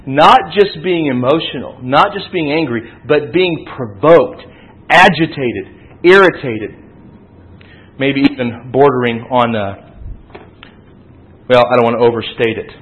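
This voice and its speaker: A man's voice: medium pitch, a little slow, pauses often, highs cut off. A man preaching a sermon, teaching earnestly and rising to emphatic peaks. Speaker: pastor.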